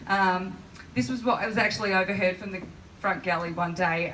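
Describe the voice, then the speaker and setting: Bright Australian woman doing stand-up. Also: medium pitch, fairly quick, a little hiss or hum. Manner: animated storytelling. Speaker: stand-up comedian. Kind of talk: stand-up comedy. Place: live comedy venue. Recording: echoey venue, heard from a distance. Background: audience laughter.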